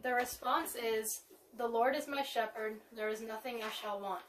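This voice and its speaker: Woman, psalm reader, measured pace, distant mic, faint hiss. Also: fairly high pitch, steady tone, fairly bright tone. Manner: measured reading with cued responses. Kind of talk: reading a psalm.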